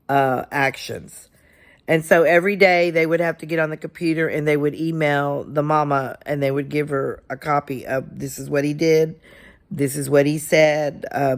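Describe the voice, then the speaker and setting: A woman, a substitute teacher, casually telling a story from her classroom and acting out what she and a child said. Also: low voice.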